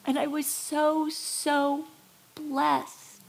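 A middle-aged woman delivers a sermon with a gravelly, creaky edge to her voice. Her pitch sits a little high for a woman. She tells stories with feeling and hammers home her points with emphatic repetition. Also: flat delivery, extremely slow. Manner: emotional storytelling, building to emphatic repetition. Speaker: preacher.

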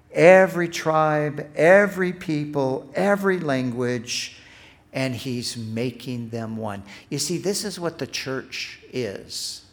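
A middle-aged man preaching a sermon as pastor. He speaks earnestly, building emphasis on repeated phrases, and restarts his sentences when he speaks off the cuff. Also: a little high.

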